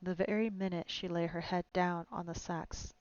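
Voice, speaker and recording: A woman streamer reading a novel aloud in a steady, measured narrating voice. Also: lowish voice, smooth, no room sound, highs cut off. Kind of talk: live audiobook reading.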